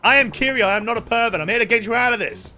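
A man reading a stern male gangster hero's lines in a loud, mock-heroic way. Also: very high-pitched, lively intonation, very fast, faint music behind, voice pushed up, full character voice. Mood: indignant. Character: stern tough male gangster hero, earnest.

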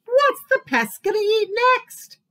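Lady doing a freaked out duck, super high and shrill, yelling. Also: sing-song, unhurried, dry recording, clean studio sound, heavily acted. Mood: alarmed. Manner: loud, shrill exclamations.

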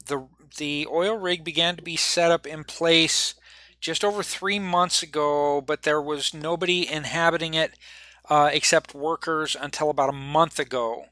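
A man running a tabletop game as game master, relaxed and rambling, laughing often. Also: fairly high pitch, no room sound.

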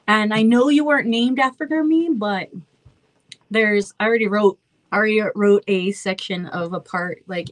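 A woman's voice: medium pitch, dry recording, low-quality recording. A woman in her thirties with a slightly childlike voice, chatting freely with fans at a virtual meet and greet, rambling and apologizing for talking so much. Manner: chatty, warm-hearted, rambling with self-interruptions. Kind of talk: casual chat with fans. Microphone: phone.

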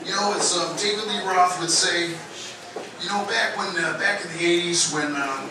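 A man performing a stand-up comedy set in a club, telling stories in a rambling, halting way with many fillers. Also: high voice. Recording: echoey club, distant mic, noisy.

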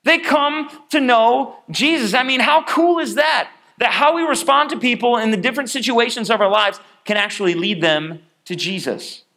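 A man preaching a sermon, telling a personal story in a chatty, animated way and acting out the scenes. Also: extremely high pitch, normal speed, few pauses. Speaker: pastor.

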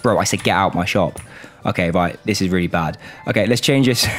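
A young man commentating on a shop game, excitable and exasperated, his voice swinging between high outbursts and low grumbles. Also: a little fast, soft background music. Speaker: gaming YouTuber.

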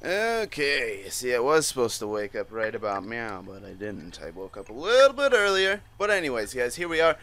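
Animated young man playing a chat game. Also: medium pitch, normal speed, hardly any pauses. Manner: animated, swearing, laughing, reading lines in mock voices. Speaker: gaming YouTuber. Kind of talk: let's play commentary, reading chat aloud.

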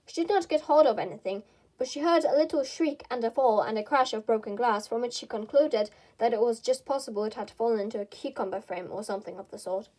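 A woman reading a children's classic aloud in gentle, even narration. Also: a little high, fast talker. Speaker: storybook reader.

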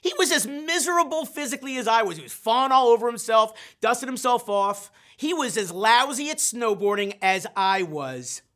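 Bright-voiced, animated middle-aged man. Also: very high-pitched, normal speed, few pauses. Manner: animated, self-mocking storyteller who questions the audience directly. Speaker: sales trainer. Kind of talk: storytelling in a live online training session.

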